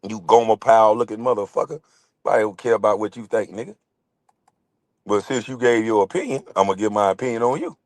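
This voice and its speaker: A man's voice: fairly low pitch, a little fast, darkish tone, dry recording. A middle-aged man hosting his own channel, ranting to camera in a confrontational, constantly swearing monologue. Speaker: channel host.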